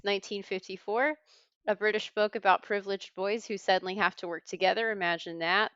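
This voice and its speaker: A woman's voice: medium pitch, fairly bright tone, clear, resonant tone, no room sound, muffled recording. A woman hosting a trivia podcast, reading clues with a wry tone. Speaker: quiz host.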